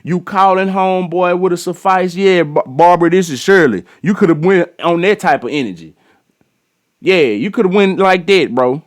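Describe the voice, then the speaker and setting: A man's voice: high voice, moderate pace. Blunt, slangy man with a raised voice. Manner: blunt, slangy and profane, scolding the people in the clip; repeats and restarts phrases. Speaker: reaction commentator. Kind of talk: casual reaction commentary.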